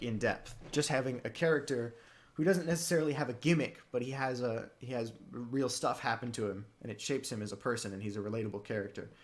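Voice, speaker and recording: A man co-hosting a podcast in casual chat, excited, his voice jumping up in pitch when he gets keen. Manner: excited, with sudden upward jumps in pitch. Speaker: podcast co-host. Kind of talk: casual chat about a comic.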